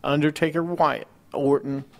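A man's voice: on the high side, little pitch movement, moderate pace. A man co-hosting a casual wrestling talk show, rattling off match cards and ranting with mocking disbelief. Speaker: podcast co-host.

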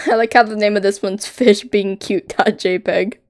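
A woman's voice: medium pitch, steady tone, moderate pace, darkish tone. A young woman playing along in a game, chatty and giggly, gushing over cute pets. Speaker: co-player. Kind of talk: casual gaming chat.

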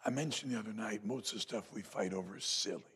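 A man preaching a revival sermon in a church, telling folksy stories and rising to loud emphatic peaks. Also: lowish voice, fast, breathy edge. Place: church sanctuary.

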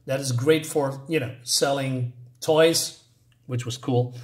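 A man casually reviewing a comic book and recapping its story, often halting and restarting as he searches for words. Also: medium pitch, steady tone.

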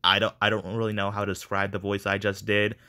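Rambling man with a bright, lowish voice. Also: monotone, quick pace. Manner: rambling, self-deprecating. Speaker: video creator running a voice casting call. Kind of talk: casual chat to viewers.

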